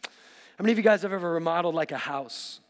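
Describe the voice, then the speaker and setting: A middle-aged male pastor preaching a sermon in a church, energetic and joking with the congregation. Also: on the high side, quick pace. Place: large church auditorium. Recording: long hall reverb.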